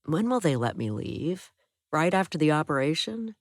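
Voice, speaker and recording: A woman reading an audiobook voices a confused man with memory loss who speaks quietly and uncertainly. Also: low-pitched, big pitch swings, normal speed, no room sound, clean studio sound.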